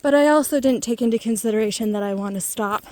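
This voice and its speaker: A woman talks to her camera while walking an outdoor trail, a little out of breath. Her voice sits fairly high with a mellow, soft tone. She rambles and pokes fun at herself in a chatty way. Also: fast talker, no echo. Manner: rambling, self-deprecating, chatty. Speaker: vlogger. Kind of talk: casual vlog chat while hiking.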